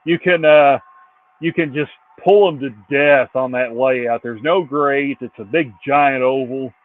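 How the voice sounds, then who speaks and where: Man, guest on a call, tinny phone-like sound, dry humor, relaxed. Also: mid-range voice, unhurried. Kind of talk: casual chat.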